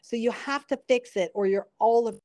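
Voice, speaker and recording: A woman's voice: on the high side, normal speed, warm tone, no room sound, clean studio sound. Chatty middle-aged woman explaining. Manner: chatty, explanatory, storytelling with restarts. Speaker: guest, nurse and product founder. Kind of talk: conversational interview.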